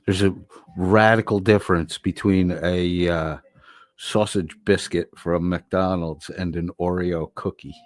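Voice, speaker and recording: Low-voiced man streaming live. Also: fairly even intonation, unhurried, no room sound. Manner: rambling, profane, talks back to chat. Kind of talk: casual live-stream chat, reading comments aloud. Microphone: laptop microphone.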